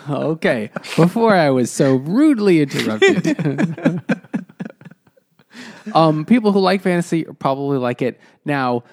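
A man with a mid-pitched, very lively voice, recorded dry and close, giving earnest opinions about books. He is a regular co-host in a loose, joking conversation. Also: a little slow, dry recording. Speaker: podcast co-host. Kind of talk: casual comedic book chat.

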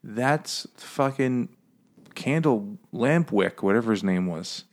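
A man's voice: medium pitch, expressive, slow pace. A man co-hosting a casual book podcast, loose and profane, laughing often and acting out characters. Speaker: podcast co-host discussing a book. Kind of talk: casual chat.

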